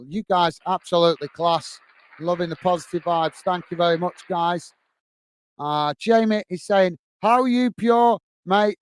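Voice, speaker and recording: A man hosting a football fan live stream, upbeat and full of repeated thanks as he reads out viewer comments. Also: high-pitched. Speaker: host of a football fan channel.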